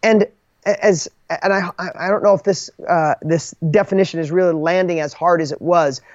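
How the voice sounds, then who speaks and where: A man telling his own story as a guest author, emphatic and animated, often restarting his sentences. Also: high voice, no echo, lo-fi sound. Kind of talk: conversational storytelling.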